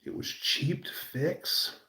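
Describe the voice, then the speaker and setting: Slow-talking man telling car stories. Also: sharp tone, reverberant. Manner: rambling, self-interrupting anecdotes with laughs. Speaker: livestream host. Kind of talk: casual storytelling.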